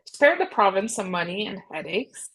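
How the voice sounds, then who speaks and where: Emphatic, husky-voiced woman talking politics. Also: medium pitch, animated, fairly bright tone, rough recording. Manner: emphatic, opinionated, quick outbursts. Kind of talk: casual political chat.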